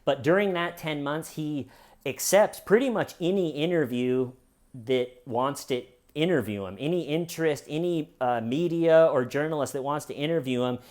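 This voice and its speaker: Animated man mocking a story. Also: a little high, normal speed. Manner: mocking, animated, puts on silly voices in quotes. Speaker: true crime comedy host. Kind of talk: casual comedic storytelling.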